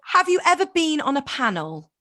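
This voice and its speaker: A woman's voice: high voice, sing-song, normal speed, sharp tone. A young woman in her twenties hosting a casual podcast interview, chatty and self-mocking, laughing often. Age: 20s. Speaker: podcast host.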